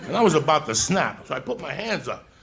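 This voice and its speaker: A man's voice: on the high side, very animated, brisk, gravelly, fairly bright tone, slight background noise. A man telling a rowdy childhood story on stage as a stand-up comedian, swearing and laughing as he goes.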